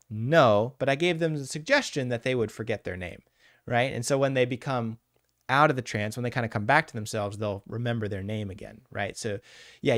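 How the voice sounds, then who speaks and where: A man's voice: mid-range voice, no room sound. A man teaching a casual live class on hypnotherapy, talking bluntly with some swearing and answering viewers by name, recorded on a close, dry mic. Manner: animated, blunt and profane, answers chat by name. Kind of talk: casual livestream lecture.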